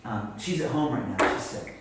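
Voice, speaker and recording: A man in his forties preaching a sermon, animated and acting out quoted voices as he goes. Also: mid-range voice, normal speed, heavy background noise. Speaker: pastor. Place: church sanctuary. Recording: echoey church hall mic from a distance.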